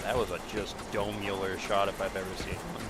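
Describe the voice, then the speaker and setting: A man live-streaming a game, chatting casually with viewers, excitable and quick to swear. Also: sits low, very noisy. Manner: excitable, swears freely, talks to chat. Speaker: gaming streamer.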